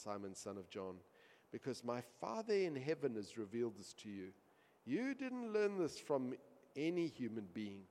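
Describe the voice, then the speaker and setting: Male pastor mid-sermon, dynamic delivery from hushed to loud, church-hall reverb. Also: mid-range voice. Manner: swings from quiet asides to loud emphatic storytelling.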